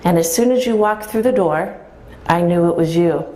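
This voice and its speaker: A woman's voice: fairly low pitch, moderate pace, warm tone. A middle-aged woman telling a personal story to a live audience, quoting herself and others and asking the listeners questions. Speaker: speaker telling her story. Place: event room with an audience.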